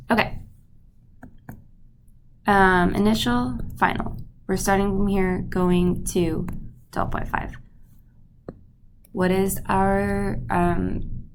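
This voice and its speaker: A woman's voice: mid-range voice, a little hiss or hum. A woman teaching a math lesson, stuffy-nosed, patiently checking in with her students as she goes. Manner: patient, checks in with "right?" and "okay?". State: stuffy nose.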